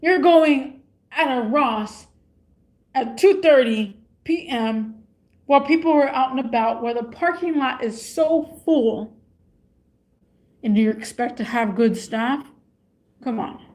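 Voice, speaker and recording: A woman's voice: high-pitched, slow pace, pauses often, darkish tone. A woman vlogger rambling in a casual rant, repeating her questions.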